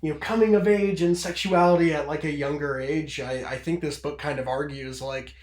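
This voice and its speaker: Animated man discussing a book, roomy sound. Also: fairly high pitch, a little fast. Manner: animated, heavy use of filler "like". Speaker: podcast guest.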